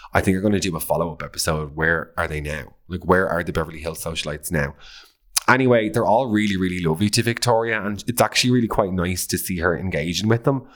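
An Irish man with a low voice hosts a pop-culture podcast. He talks in a camp, gossipy way, swears freely and gushes over celebrities. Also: a bit bright. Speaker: podcast host. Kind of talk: casual pop-culture chat.

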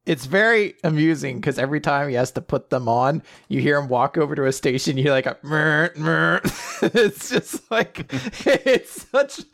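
Man with a slightly high, musing voice. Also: lively intonation, moderate pace. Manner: musing, hedging with fillers, laughs easily. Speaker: podcast co-host. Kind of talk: casual chat.

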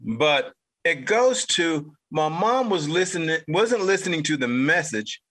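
Bright-voiced fifties man telling a story. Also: on the high side, lively intonation, a little slow, husky. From North Carolina, United States. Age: 50s. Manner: rambling, repetitive, chuckling anecdotal delivery. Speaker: podcast host. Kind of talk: casual storytelling monologue.

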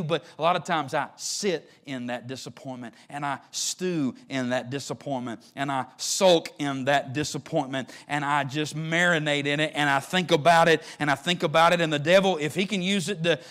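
A man preaching a sermon as pastor, dropping to a hushed low voice and then climbing to loud, shouting peaks, repeating phrases in a folksy way.

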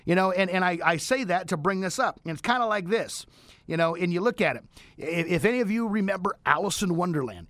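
A man hosting a radio show, wrapping up with energetic, motivational promotion. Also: high-pitched, dry recording. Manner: energetic, preachy motivational delivery.

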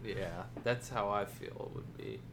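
Male co-host, lower voice, quick wisecracks and easy laughter; faint background hiss. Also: fairly bright tone. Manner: joking, wisecracking, laughs often. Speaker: podcast co-host. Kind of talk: casual chat.

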